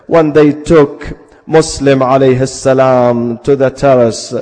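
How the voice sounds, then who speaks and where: A man preaching a sermon, telling a story slowly and solemnly, at times breaking into chanted lament. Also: medium pitch, steady tone, darkish tone. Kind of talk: sermon narration with chanted elegy. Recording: long hall reverb.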